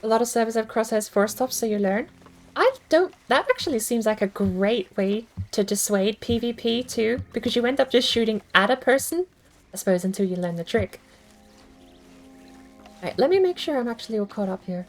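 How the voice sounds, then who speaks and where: Woman game streamer, casual rambling chat, self-deprecating, a bit high-pitched. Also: lively intonation, moderate pace, faint music behind, low-quality recording.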